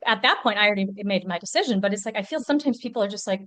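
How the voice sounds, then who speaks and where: A woman's voice: mid-range voice, very fast, dry recording. A woman guest in a casual podcast conversation, talking in a chatty way with lots of "like" fillers. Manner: chatty, many "like" fillers, animated.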